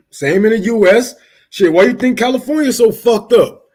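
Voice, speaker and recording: A young man hosting a casual livestream, cursing loudly and laughing as he rants and thanks donors. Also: very high-pitched, normal speed, husky. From Detroit. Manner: profane, loud, laughing rants. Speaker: livestream host.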